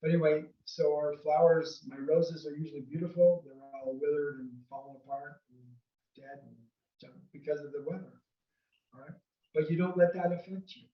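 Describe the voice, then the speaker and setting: A man's voice: fairly high pitch, steady tone, moderate pace, roomy sound, far from the mic, lo-fi sound. A man giving earnest, casual marriage advice from home, often checking in with "okay?". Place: home room near a window.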